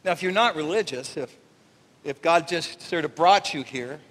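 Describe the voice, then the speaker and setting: A man preaching a conversational sermon as pastor, animated and jokey, acting out little voices. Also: a little high, moderate pace. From Canada. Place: church sanctuary. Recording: long reverb of a church hall.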